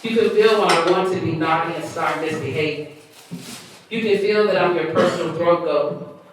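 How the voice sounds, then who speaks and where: A woman poet performing a live reading of her own poetry, with a slow, sensual delivery, heard from far off in an echoey room. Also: lowish voice, background noise.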